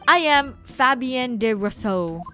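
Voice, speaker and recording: A woman's voice: on the high side, lively intonation, slow pace, bright, forceful tone, faint music behind, exaggerated voice. Woman playing a pompous French noble schemer. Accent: put-on French. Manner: pompous, lofty. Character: haughty young French noble swindler, man. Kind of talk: reading game dialogue aloud.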